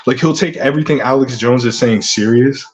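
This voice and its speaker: A man with a medium-pitched voice speaks a little fast in a ranting vlog monologue for his channel. He's aggressive and profane, hurling taunting insults as he goes.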